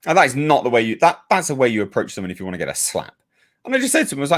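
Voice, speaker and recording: A British man chats on a live stream, reading out viewer comments and launching into a heated, swear-filled rant. His mid-pitched voice swings widely, leaping up high when he acts out what he told people. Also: very fast. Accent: British English. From United Kingdom. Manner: ranting, profane, animated storytelling. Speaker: YouTube reviewer hosting a live hangout.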